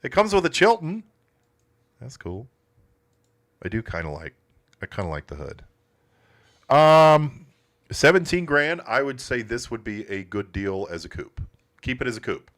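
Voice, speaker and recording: A man's voice: fairly low pitch, sing-song, moderate pace, long pauses. A man hosting a casual car livestream from his auto shop, talking bluntly and swearing often. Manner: blunt and profane, laid-back shop talk. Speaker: host of a classic car livestream. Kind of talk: casual live commentary.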